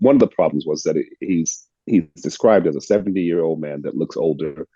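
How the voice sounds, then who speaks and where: An older American-born man with a very deep, mellow voice recounts his career in a relaxed interview. He speaks reflectively and without hurry, often repeating a word as he restarts a thought. The sound is dull and lo-fi, and the room is dry. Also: fairly quick, breathy edge, dry recording. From United States (Illinois). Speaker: actor, interview guest. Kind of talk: casual storytelling interview.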